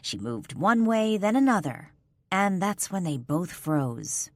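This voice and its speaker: Woman reading an audiobook, low voice, slow and expressive. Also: no echo, studio quality. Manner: measured, expressive storytelling. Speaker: audiobook narrator. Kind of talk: scripted narration.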